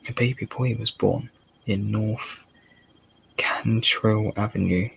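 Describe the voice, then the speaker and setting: A man with a Dorset accent doing a slow ASMR book reading, halting and rereading words as he goes. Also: lowish voice, fairly even intonation, gravelly, a bit bright, breathy edge, low-quality recording. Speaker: channel host reading a book aloud.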